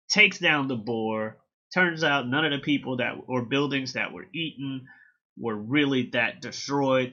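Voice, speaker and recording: A man casually recapping and reviewing a manga chapter, excited and slangy, swearing freely. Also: mid-range voice, dull audio.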